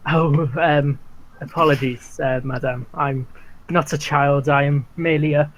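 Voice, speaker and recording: Brief: formal, courteous halfling gent, slightly raised pitch , played by a man. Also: fairly even intonation, measured pace, a little hiss or hum, natural voice, rough recording. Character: polite, formal male halfling adventurer.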